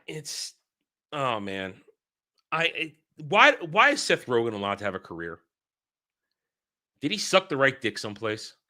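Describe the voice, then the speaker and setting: A man's voice: medium pitch, wildly swooping pitch, measured pace, pauses often, sharp tone. A man giving a blunt, exasperated film review, swearing freely and repeating himself for emphasis.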